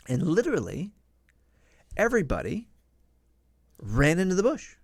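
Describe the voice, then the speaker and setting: Animated middle-aged man telling a story. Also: mid-range voice, moderate pace, dry recording, studio quality. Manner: animated storyteller, acts out shouted quotes in a raised voice. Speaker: live stream host. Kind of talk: casual storytelling to a live audience.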